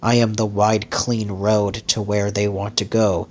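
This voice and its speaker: A man voicing a glamorous young actress, slow, rapturous and incantatory. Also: on the low side, level tone, a little hiss or hum, natural voice. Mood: dreamy.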